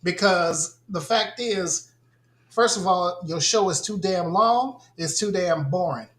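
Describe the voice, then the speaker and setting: A man's voice: high voice, takes it slowly, a bit bright, roomy sound. A man co-hosting a gaming podcast, ranting bluntly and with a lot of swearing in casual chat. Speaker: podcast co-host.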